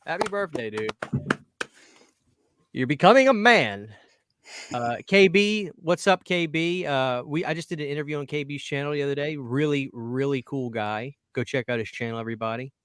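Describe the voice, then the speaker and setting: A man hosts a casual livestream, sounding upbeat as he reads names from the chat aloud. His voice is medium-pitched, fairly bright, clear, and resonant, at a moderate pace, captured in a clean studio with no room sound.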